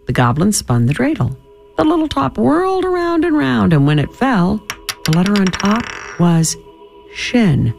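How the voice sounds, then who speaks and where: Guy reading a kids story out loud, gravelly voice, lots of pitch movement, faint music behind. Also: normal speed. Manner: expressive, dramatic storytelling. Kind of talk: storybook read-aloud.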